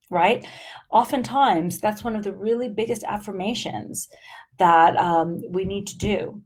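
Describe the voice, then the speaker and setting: A woman's voice: mid-range voice, a little slow, a little mellow, husky. A middle-aged woman coaching viewers in a live motivational talk, upbeat and emphatic, checking in with "right?" and "okay?" as she goes. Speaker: life coach.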